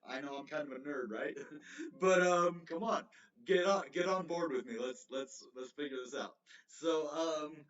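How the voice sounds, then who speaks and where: A man's voice: a little high, moderate pace, fairly bright tone, muffled recording. Rambling man on a distant, roomy mic. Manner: rambling, self-correcting, chuckles often. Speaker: crypto livestream host. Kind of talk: casual livestream commentary.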